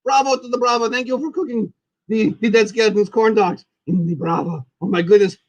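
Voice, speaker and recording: A man hosting a casual live stream, chatting while he eats. He is excitable, exclaims often and calls himself the dead skeleton in the third person. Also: high voice, fairly quick, no room sound.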